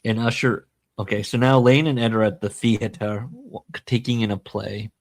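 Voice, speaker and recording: A man with a fairly low, gravelly voice hosts a casual book-discussion podcast. He retells the plot in an animated way and drops jokey, self-deprecating asides. The sound is close and dry. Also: moderate pace, no echo. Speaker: podcast host.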